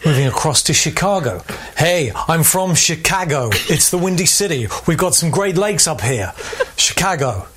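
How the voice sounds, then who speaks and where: A man's voice: a little high, lively intonation, normal speed, hardly any pauses, a bit bright, slight background noise. A man playing a fake male dialect coach who hops through exaggerated American accents, laughing through his lines. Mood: mock-confident. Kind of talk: comic recorded sketch.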